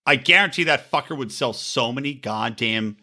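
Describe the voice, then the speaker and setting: A man's voice: mid-range voice, normal speed. A middle-aged man co-hosting a podcast, recapping reality TV in profane, jokey casual chat. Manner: animated, profane, jokey, puts on silly voices. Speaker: podcast co-host.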